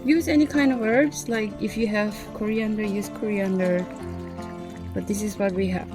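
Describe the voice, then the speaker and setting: Woman host talking through a recipe outdoors, easygoing and mid-pitched, over a music bed. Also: moderate pace. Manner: relaxed, tags lines with "yeah?". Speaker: cooking vlog host. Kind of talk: casual cooking narration. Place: outdoors on a farm, windy. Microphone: camera mic, no external microphone.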